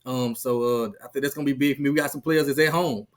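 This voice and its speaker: A man in his thirties in casual sports talk, excitable, stumbling over his words and repeating himself. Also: mid-range voice, fast talker. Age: 30s. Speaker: guest, rival team insider.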